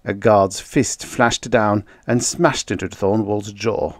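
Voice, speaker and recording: Slow, low-voiced male audiobook narrator. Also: steady tone, no room sound, studio quality. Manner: measured storytelling. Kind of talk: scripted narration.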